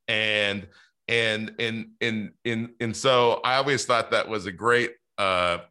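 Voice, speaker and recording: A man's voice: on the low side, steady tone, takes it slowly, bright, forceful tone, smooth. A man hosting a podcast interview, chatting casually with lots of fillers and restarts. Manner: rambling, many fillers and restarts. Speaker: podcast host.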